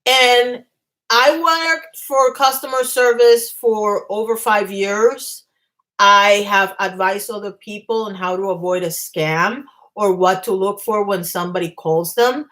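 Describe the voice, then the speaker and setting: A woman vlogger on a live stream at home, telling a story in a fast, agitated rush and stumbling over her words. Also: medium pitch, a bit bright, low-quality recording. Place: home apartment.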